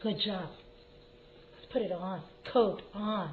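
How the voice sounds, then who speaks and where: A woman at home slowly and encouragingly coaching a child through word practice, with lots of repetitive prompting. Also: mid-range voice, slight background noise. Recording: dull lo-fi home video.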